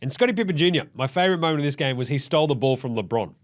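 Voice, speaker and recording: Animated, foul-mouthed Australian man. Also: on the high side, very fast. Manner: swears freely and acts out players' voices. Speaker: basketball recap show host. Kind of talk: casual profane game recap.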